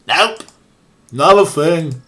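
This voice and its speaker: Cocky kid cryptid hunter, put-on Midwest accent, chummy, higher voice, as a man puts it on. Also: animated, drawn-out words, a bit bright, full character voice. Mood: eager. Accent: put-on American Midwest. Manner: boastful, chummy. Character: eager young boy monster hunters, cocky.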